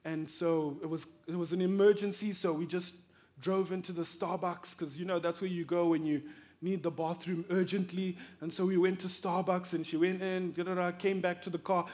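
A man from Africa preaching a sermon through a personal story, animated and swinging between hushed tones and excited shouting. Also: high-pitched, normal speed.

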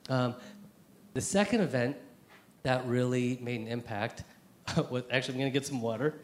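A young man giving a personal testimony to a church group, halting, with many fillers and restarts. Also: mid-range voice, slight background noise. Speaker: church speaker sharing testimony. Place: Seattle area.

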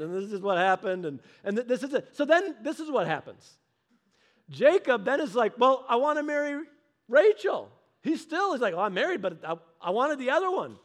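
A man preaching a sermon, telling the story in a humorous, conversational way and acting out the characters in quick voices. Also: sits high, big pitch swings. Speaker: pastor.

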